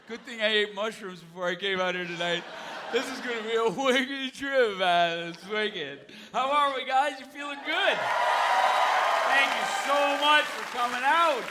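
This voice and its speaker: Excitable stand-up comic, high voice. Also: male voice, unhurried, very noisy. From Canada. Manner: excitable, profane, riffing on the crowd. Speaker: stand-up comedian. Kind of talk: stand-up comedy set. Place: large theatre stage with live audience. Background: audience laughter.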